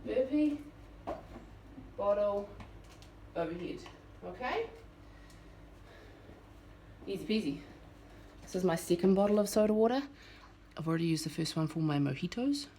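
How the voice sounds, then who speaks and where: A woman's voice: medium pitch, lively intonation, measured pace, pauses often, mellow, reverberant, distant mic, a little hiss or hum. A woman fitness coach at home, talking through workout moves while she demonstrates them. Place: home room.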